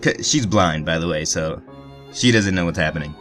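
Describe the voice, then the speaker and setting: A man with a low, deep voice reads a visual novel aloud for a let's play. He keeps breaking the narration with crude, joking asides. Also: moderate pace, a bit bright, faint music behind. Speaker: let's player.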